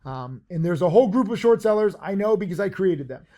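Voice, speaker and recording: A man's voice: high voice, animated, a little fast, mellow. A man giving a casual video lesson on trading, brash, boastful and blunt. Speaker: trading teacher.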